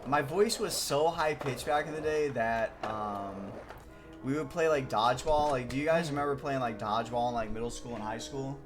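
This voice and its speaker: A man's voice: medium pitch, moderate pace, over music. A young man in casual live-stream storytelling, rambling and full of "like" fillers as he tells childhood stories to chat. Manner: rambling, filler-heavy, uses "like" constantly.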